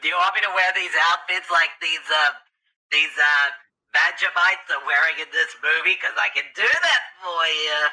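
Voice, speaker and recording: A man voicing a flirty, cooing wife in a high, sing-song put-on voice. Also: moderate pace, bright, forceful tone, low-quality recording. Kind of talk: improvised role-play.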